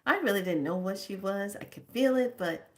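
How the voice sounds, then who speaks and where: A woman's voice: mid-range voice, animated, darkish tone. A woman giving spiritual teaching to camera in an emphatic, colloquial way. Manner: slow, emphatic, colloquial; chants words drawn out.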